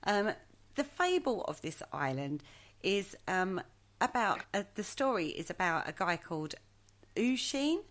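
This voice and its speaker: A podcast co-host with a medium-pitched, sing-song voice tells a legend at a measured pace, her tone a bit bright. She's chatty and hesitant, and she laughs at her own pronunciation in this casual storytelling conversation.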